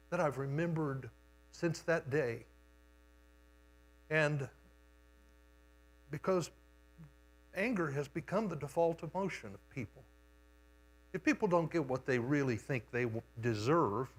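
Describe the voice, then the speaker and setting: An older man preaching a sermon in a church, telling a childhood story in an unhurried, homespun way. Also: on the high side. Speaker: guest preacher. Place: church sanctuary.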